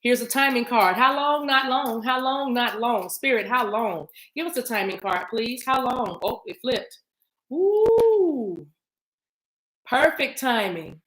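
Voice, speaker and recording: A woman's voice: a little high, a bit bright. A woman giving a casual livestream tarot reading, chatty and affectionate, often laughing as she talks to her viewers.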